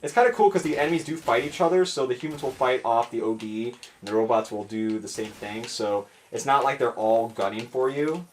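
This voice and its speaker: A man's voice: mid-range voice, brisk, hardly any pauses, a little hiss or hum. A man with a Chicago accent rambling casually as he comments on his gameplay. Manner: rambling, chatty, self-mocking. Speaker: gaming streamer.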